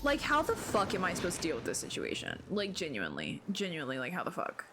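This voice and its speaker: A woman's voice: lowish voice, wildly swooping pitch, fast, very noisy. A young woman streaming a video game, commenting casually, thinking aloud and swearing in exasperation. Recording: game music behind her voice. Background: game music.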